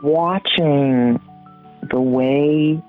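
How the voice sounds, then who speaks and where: A middle-aged woman, a podcast guest, telling a personal story and acting out her own reactions with big jumps in pitch. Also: very slow. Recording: tinny phone-like sound with faint music.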